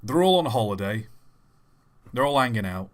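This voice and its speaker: A man's voice: medium pitch, sing-song, normal speed. A man hosting a livestream, chatting casually and telling an old joke, rambling and restarting his words. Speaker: livestream host.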